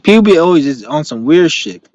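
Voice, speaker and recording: A man's voice: on the high side, a little fast, no room sound, dull audio. A man chatting casually on a live stream, answering viewers in rambling, profane street slang and telling stories with animation. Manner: animated storytelling.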